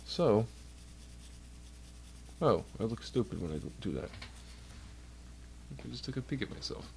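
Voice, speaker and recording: A man's voice: mid-range voice, sing-song, a little slow, creaky, a little mellow, a little hiss or hum. A man chatting casually on a livestream from home, rambling and swearing while doing chores. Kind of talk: casual rambling stream chat. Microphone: computer mic while streaming.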